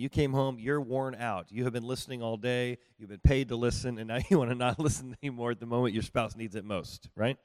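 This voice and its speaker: A middle-aged man speaks as a pastor, teaching in a chatty, down-to-earth way and checking in with his listeners through questions. His voice sits at an ordinary pitch. The recording is dry, with the sound close and free of room echo. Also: a little mellow. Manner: conversational, folksy, asks the audience rhetorical questions. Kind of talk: teaching talk on marriage and listening.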